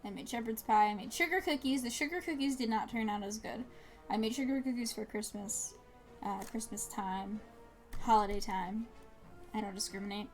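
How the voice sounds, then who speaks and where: A woman's voice: fairly high pitch, moderate pace, soft background music. A young woman from New Jersey, chatting casually and rambling as she streams a game, with many fillers and little laughs. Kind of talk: casual chat while gaming.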